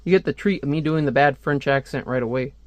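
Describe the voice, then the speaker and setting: A man's voice: medium pitch, fast, dry recording. A man reviewing a comic book in a casual read-aloud, rambling into chatty asides.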